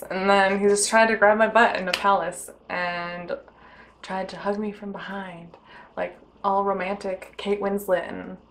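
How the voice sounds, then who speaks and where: A woman's voice: mid-range voice, fairly bright tone, slight background noise. A woman in a casual vlog chat, telling stories about her bad dates in a chatty, giggly, self-mocking way. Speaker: storyteller recounting bad dates.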